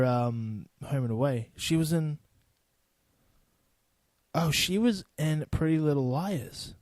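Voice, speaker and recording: A man's voice: on the high side, darkish tone, no room sound. A young man in his twenties with a New Zealand accent, hosting a casual solo podcast in a loose, profane, rambling way. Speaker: podcast host.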